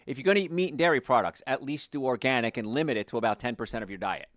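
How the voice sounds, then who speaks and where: This doctor talks very fast while hosting a health talk show, recorded in studio quality without echo. He tells casual, animated patient stories and quotes patients in a lowered voice.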